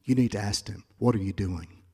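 A male pastor preaching a sermon in a church, moving between quiet, confiding asides and loud, rising climaxes. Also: on the low side, a little fast, slightly rough, long reverb tail.

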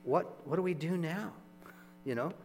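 A man's voice: fairly high pitch, moderate pace. Male pastor, chatty sermon delivery with chuckles; echoey hall, faint mains hum. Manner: conversational, animated, chuckling asides.

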